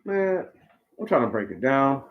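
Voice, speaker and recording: A man's voice: mid-range voice, big pitch swings, moderate pace, muffled recording. A man hosting a talk show, delivering a preachy, conversational monologue straight to his listeners with slang asides. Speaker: podcast host.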